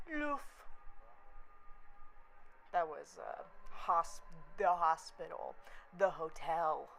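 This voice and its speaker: A young adult woman vlogging in casual, rambling chat. She is animated, swears freely and keeps slipping into quick impressions. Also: deep voice, a little hiss or hum.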